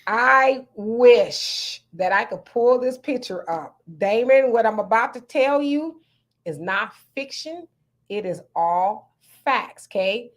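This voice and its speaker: A woman co-hosting a casual talk show, telling an animated story. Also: a little high, slow. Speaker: co-host.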